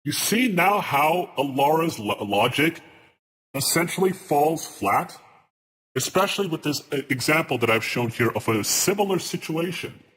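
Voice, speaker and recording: A man's voice: a little high, animated, fairly bright tone, slight background noise. Man arguing on a reaction stream. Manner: deliberate, restarts mid-word while arguing a point. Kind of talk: live reaction commentary.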